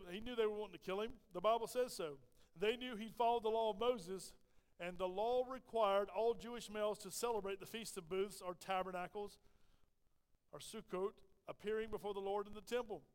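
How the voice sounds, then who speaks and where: Animated preacher telling a story. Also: male voice, high voice, normal speed, clear, resonant tone. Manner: animated storyteller, acts out quoted voices. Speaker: pastor. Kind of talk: sermon with personal story. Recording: long hall reverb.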